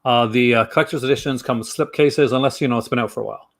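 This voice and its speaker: Male vlog host, film reviewer; chatty, rambling, quick to laugh; mid-range voice. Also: mid-range voice, steady tone, fairly bright tone. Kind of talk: casual chat to camera.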